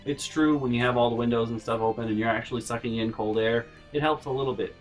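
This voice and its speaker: A man's voice: medium pitch, fast, far from the mic, soft background music, poor audio. A man telling a comedic story from his life, rambling and swearing freely. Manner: profane, rambling, animated. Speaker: channel host, storyteller.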